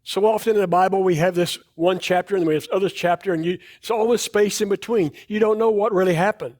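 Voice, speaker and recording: A man's voice: sits high, fairly even intonation, quick pace, a little mellow, dry recording, clean studio sound. A man preaching a sermon in a church, talking in a loose, conversational way and often repeating and restarting words. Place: church auditorium.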